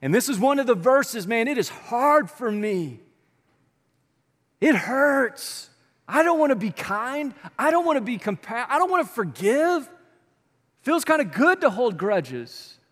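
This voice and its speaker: A man with a high, bright-pitched voice preaches a sermon, speaking to his congregation in a loose, everyday way. The sound rings with a long reverb, as in a big church hall. He talks like a pastor chatting with friends rather than reciting. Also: very animated, unhurried. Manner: conversational and colloquial, addressing the congregation directly.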